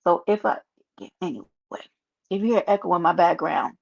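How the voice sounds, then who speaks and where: Gravelly, joking New woman streamer. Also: on the low side, a little fast, darkish tone. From New York. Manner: playful, joking, talks straight to her chat. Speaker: livestreamer. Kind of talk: casual live stream chat. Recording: muffled lo-fi stream audio.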